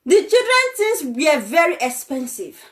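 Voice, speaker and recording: Young Nigerian-accented woman, vlogger, heated and scolding, high and lively pitch. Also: measured pace. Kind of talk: ranting vlog monologue.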